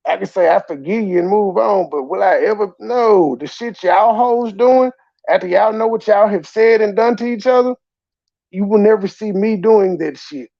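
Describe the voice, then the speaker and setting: A man's voice: high-pitched, normal speed, gravelly, no echo, lo-fi sound. A man hosting profane reaction commentary, blunt and mocking, mimicking people he talks about. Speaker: commentary channel host.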